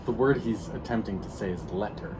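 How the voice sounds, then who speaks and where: A young man with a mid-range voice ribs his friend in a dry, teasing way during a relaxed chat. Clear background noise runs under his voice. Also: on the low side, brisk. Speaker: co-host of a script reading video. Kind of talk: casual banter.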